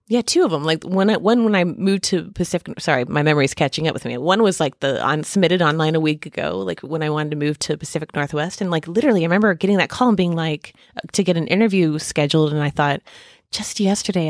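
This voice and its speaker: A woman's voice: deep voice, animated, fast talker, no room sound, studio quality. A woman in her thirties talking casually and at length about hope and faith, rambling with many fillers and restarts. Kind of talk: casual reflective monologue.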